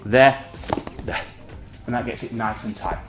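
A man's voice: mid-range voice, a little slow, roomy sound, over music. A man teaching a martial arts technique on a partner, explaining each step and checking in with frequent "okay?"s. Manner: explanatory, keeps checking with "okay?" and "all right?".

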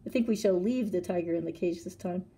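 A woman's voice: fairly low pitch, fast, mellow, a little hiss or hum, close to an everyday voice. A crafty male jackal who plays the fool, humble and courteous to a fault, as a woman puts him on. He speaks with polite, fussy deference in a storybook reading. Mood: sly polite. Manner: humble, polite, playing dumb. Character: sly, mock-foolish male jackal.

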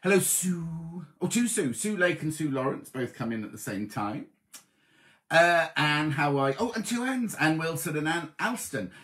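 A man's voice: a little high, expressive, moderate pace, a bit bright. A man hosting a live online coffee morning, chatting as he reads out viewers' messages and greets them as "my love". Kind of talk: casual live-stream chat greeting viewers.

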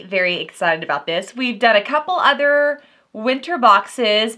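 A young vlogger from southern Texas opens a box and talks straight to her viewers in a warm drawl, chatty and excitable with plenty of y'alls. Her voice sits a little high and stays bright and crisp.

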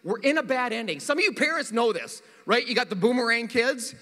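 A middle-aged man, a pastor, preaching a sermon with animated, funny storytelling in a church. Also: extremely high pitch, a little fast, long reverb tail. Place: church sanctuary.

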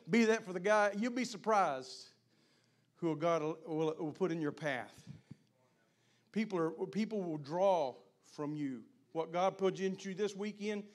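A middle-aged man preaching to a men's gathering and praying, repeating his phrases and building up to a shout. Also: high voice. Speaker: guest speaker at a men's gathering. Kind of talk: sermon and prayer.

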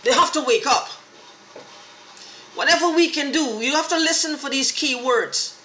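High bright ranting woman, echoey room. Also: normal speed, slight background noise. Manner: angry, profane, repetitive ranting. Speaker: vlogger. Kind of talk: agitated monologue to camera.

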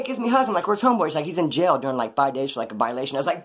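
Fast-talking slangy man. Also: fairly high pitch, slight background noise. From California, USA. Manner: rambling, slangy, acts out quoted voices. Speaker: storyteller recounting his past. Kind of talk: casual storytelling on a live stream.

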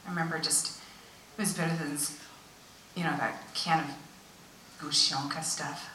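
A woman, a visiting pastor, telling a story in a sermon with animated delivery that drops to hushed tones for emphasis. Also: low-pitched, moderate pace, a little hiss or hum. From United States. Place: church hall. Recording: echoey church hall, voice from far off.

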